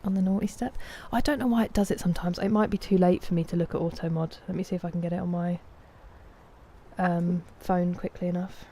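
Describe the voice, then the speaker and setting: A British woman chatting casually on a live game stream, thanking viewers and sometimes dropping into a soft whisper. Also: lowish voice, fairly even intonation, a little fast, a little hiss or hum. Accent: British English.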